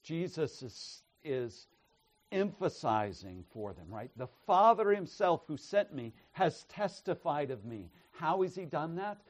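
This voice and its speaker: A man preaching an expository sermon, reading scripture with deliberate emphasis and strong swells in loudness. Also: fairly high pitch, very animated.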